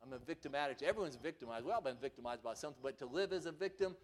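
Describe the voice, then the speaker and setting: A man preaching a sermon, acting out scripture voices and swinging from quiet asides to loud, dramatic passages. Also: medium pitch, lively intonation, racing.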